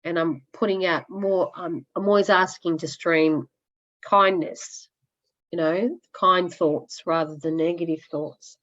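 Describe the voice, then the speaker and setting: A fairly low-voiced woman shares her progress on a casual group coaching call, loud, candid and animated, with blunt asides. Her voice comes through muffled and lo-fi, as over a web call. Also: measured pace. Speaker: coaching client sharing progress.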